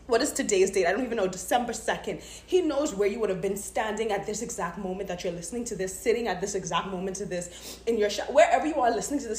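A woman's voice: a little mellow, roomy sound, a little hiss or hum. A woman giving a candid, emotional devotional talk at home, recorded on a phone. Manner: candid, emotional storytelling, breaks into higher pitch when retelling prayers. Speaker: faith podcaster. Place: at home, just came in the door.

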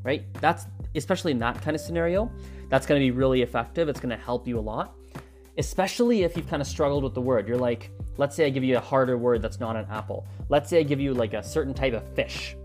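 An animated language-learning host explains a study method in a relaxed, conversational lesson, with a voice sitting in a middle pitch. The talk keeps slipping into little acted-out learner dialogues, with words repeated mid-thought. Faint music plays softly behind the voice. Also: fast.

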